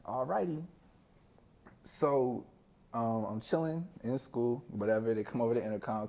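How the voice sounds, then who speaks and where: A man, a podcast guest, telling a personal story in a relaxed, conversational way. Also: mid-range voice, normal speed, vocal fry. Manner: relaxed, conversational, acts out both sides of a talk. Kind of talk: casual storytelling.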